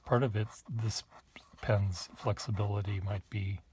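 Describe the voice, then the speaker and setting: A pen collector demonstrates nibs in a casual show-and-tell to camera, musing aloud with small asides as he writes at a desk. His voice is low and darkish, with fairly even intonation and a measured pace, over slight background noise.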